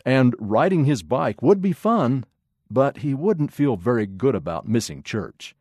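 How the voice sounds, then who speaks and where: A man narrating a children's story in an expressive, measured way. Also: mid-range voice, husky, no room sound, studio quality.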